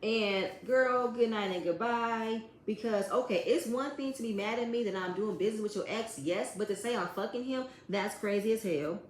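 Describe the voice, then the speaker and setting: A woman's voice: mid-range voice, normal speed, hardly any pauses, slight background noise. Sassy woman vlogger in a roomy space. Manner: blunt, sassy, profane, addresses cast members directly. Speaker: reality TV recap vlogger. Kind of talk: casual commentary recap. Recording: roomy echo.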